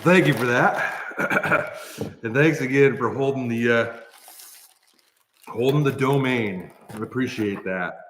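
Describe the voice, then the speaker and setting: A man's voice: medium pitch, takes it slowly, a bit bright, a little hiss or hum. Midwestern male streamer, easygoing chat, recorded in a roomy echoing shop. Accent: Midwestern American. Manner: coughing and sighing from spicy food, thanking viewers. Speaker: livestream host. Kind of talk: casual livestream chat. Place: large new shop building. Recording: echoey reverberant shop room.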